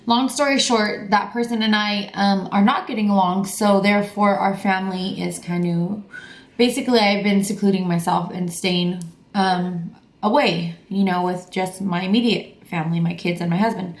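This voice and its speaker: A woman's voice: mid-range voice, steady tone, normal speed. A woman in her thirties, a mother, talking casually to camera in a vlog, chatty and upbeat with lots of "um" and "like". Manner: chatty, upbeat, many fillers like "um" and "like". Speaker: vlogger and mother. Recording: echoey with faint crowd and noise.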